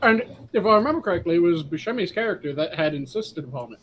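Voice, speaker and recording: A man with a slightly high voice chats on a podcast. He is blunt and terse and mostly answers with short agreements. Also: lively intonation, fast talker, fairly bright tone. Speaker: podcast co-host. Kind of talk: casual chat.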